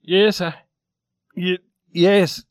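A man's voice: sits high, flat delivery, extremely slow, dry recording, pitched above the performer's own voice. A man voicing a beaten young fighter who stammers and falters through tears. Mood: broken. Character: young beaten male fighter, weak, tearful.

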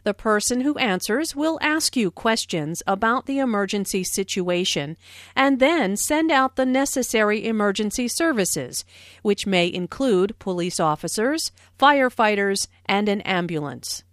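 Slow, careful woman teaching English. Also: mid-range voice, lively intonation, no room sound, studio quality. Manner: slow, careful, explanatory delivery. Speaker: language teacher. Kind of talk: scripted English lesson narration.

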